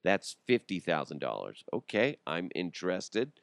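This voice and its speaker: Joking low-voiced male podcast host. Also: very animated, moderate pace, gravelly, dry recording. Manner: jokey, riffing, laughs often, acts out voices. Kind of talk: casual comedic monologue.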